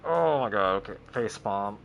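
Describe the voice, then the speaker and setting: A man's voice: lowish voice, animated, moderate pace, fairly bright tone, lo-fi sound, faint music behind. A young man casually talking to himself while playing a game, often confused and swearing under his breath. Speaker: gameplay streamer. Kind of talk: casual gameplay commentary.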